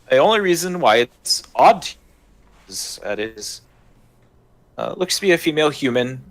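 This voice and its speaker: A man's voice: medium pitch, a bit bright. A man acting as game master, narrating casually with a lot of fillers and hesitations.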